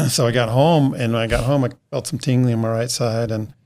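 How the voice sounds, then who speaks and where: A man's voice: mid-range voice, fairly even intonation, moderate pace, a little mellow. A middle-aged man, a podcast guest, telling a long story in casual conversation, rambling along and acting out what everyone said. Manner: rambling, re-enacts conversations by quoting others.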